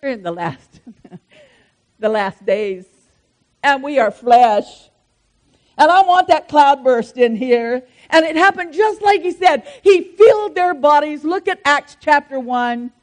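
A woman preacher, delivering a fervent sermon that swings between loud declarations and soft asides. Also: sits high, expressive, slow pace. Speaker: pastor.

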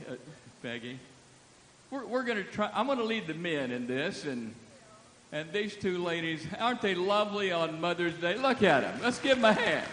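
A man's voice: high voice, a bit bright, a little hiss or hum. A man preaching as a guest speaker, folksy and joking, leading the crowd from a stage. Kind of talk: sermon. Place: church hall with a stage. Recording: echoey hall.

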